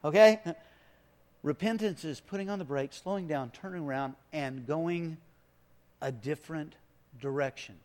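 A man preaching a sermon as pastor, swinging from hushed lines to loud, emphatic ones. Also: fairly high pitch, moderate pace, long reverb tail.

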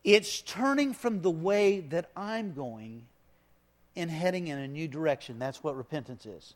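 A man preaching a sermon as pastor, swinging from hushed lines to loud, emphatic ones. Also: a little high, lively intonation, a little slow, in a large hall.

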